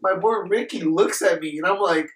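Young man, casual chat, animated, profane, higher voice, echoey room, mic at a distance. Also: moderate pace.

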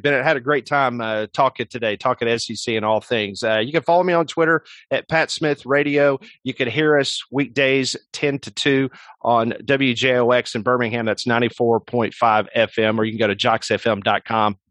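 Male sports radio guest, rambling storyteller, mid pitch, dry close sound. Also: steady tone, fairly quick, fairly bright tone, no echo. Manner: rambling, filler-heavy storyteller. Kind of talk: casual storytelling interview.

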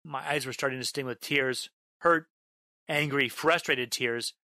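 Bright, dry male storyteller narrating horror. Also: mid-range voice, fairly even intonation, no room sound. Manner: dramatic, slows down on a repeated line, bursts into yelling.

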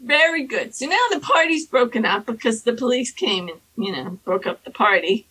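Woman storyteller, casual chat, bright and husky tone, lively pitch. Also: normal speed, poor audio. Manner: animated, acts out quoted people in high squeaky voices. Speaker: storyteller guest. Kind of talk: casual anecdote telling.

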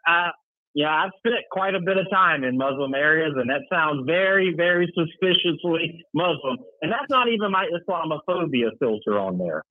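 A man's voice: fairly high pitch, lively intonation, moderate pace, no echo. Sarcastic man on a tinny line. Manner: sarcastic, mocking, rambling asides. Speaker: podcast co-host. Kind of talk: casual sarcastic chat. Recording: dry, tinny phone-like line.

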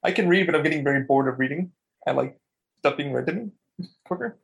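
Man, podcast co-host, casual chat, excitable, swears a lot, slightly high voice. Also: quick pace, vocal fry, husky. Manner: rambling, excitable, swears a lot, acts out quotes.

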